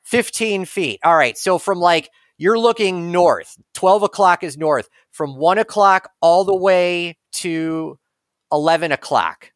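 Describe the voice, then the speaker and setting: A man's voice: sits high, slow, no room sound, studio quality. A man acting as game master for a tabletop game, explaining rules in a casual, laid-back way.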